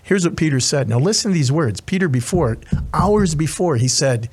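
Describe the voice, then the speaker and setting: A man's voice: fairly high pitch, lively intonation, normal speed, a little mellow, breathy edge. A man preaching as a chaplain, retelling a scripture story earnestly with frequent restarts and asides. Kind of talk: sermon.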